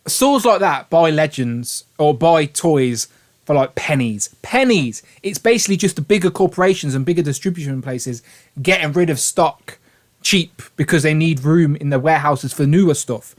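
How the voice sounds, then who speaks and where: A man's voice: on the high side, animated, normal speed. A British man hosting a casual live stream, rambling with enthusiasm and reading out viewers' names. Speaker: livestream host.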